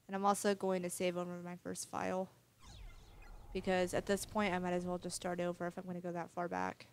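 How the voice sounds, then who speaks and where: A let's play gamer, a woman with a fairly low, monotone voice, talks briskly and casually about the horror game she's playing. She reads the game's text aloud and swears now and then.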